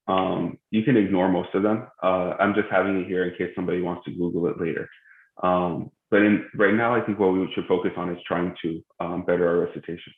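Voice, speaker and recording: A young man teaching a live religious recitation lesson in a mosque, hesitant and full of filler sounds as he explains. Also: deep voice. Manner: hesitant, many filler sounds, self-correcting. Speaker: tajweed teacher. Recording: echoey, tinny phone-like stream.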